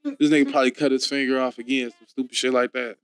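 A man's voice: mid-range voice, little pitch movement, fast, clean tone, no echo. A man hosting a podcast in casual chat, loose, joking, slangy and profane. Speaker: podcast host.

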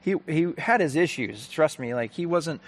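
A man's voice: a little high, expressive, normal speed. A man giving an earnest, conversational faith talk, telling a story and applying it.

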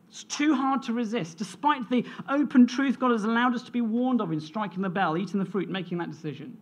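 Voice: mid-range voice, a little fast, hardly any pauses. A preacher delivering a sermon in an earnest, storytelling manner, reading scripture and sharing a family anecdote.

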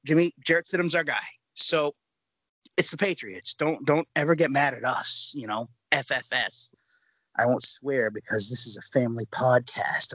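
A man co-hosting a sports podcast in casual chat, animated and ranting with rhetorical questions. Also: medium pitch, no echo, low-quality recording. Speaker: podcast co-host.

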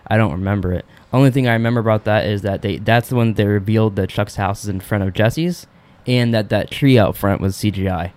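Fast-talking young man recapping a show. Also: lowish voice, a little mellow. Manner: rapid retelling, acting out characters' lines, swears freely. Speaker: podcast co-host. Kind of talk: casual chat recapping a TV episode.

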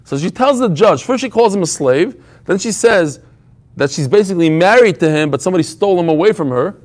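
A man's voice: high-pitched, lively intonation, fairly quick, a little mellow. A man teaching an informal Talmud class, telling the story with humor and frequent restarts.

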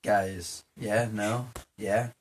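A man's voice: fairly low pitch, fairly even intonation, drawn-out words, background noise. A young man co-hosting a casual podcast, telling a story with lots of swearing and acting out his own startled reactions. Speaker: podcast co-host.

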